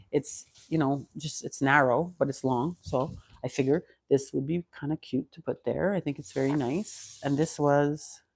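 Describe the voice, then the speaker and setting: This casual home vlog features a fifty-year-old woman from Canada with a low-pitched voice, recorded dry on a nearby clip-on mic. Her talk is chatty and meandering, with frequent restarts.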